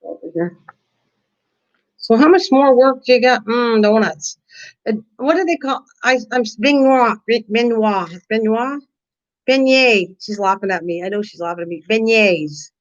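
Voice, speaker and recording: Through dull, lo-fi stream sound, an older craft host chats and rambles on a casual live stream, replying to viewers by name. She speaks a little high with lively intonation at a moderate pace.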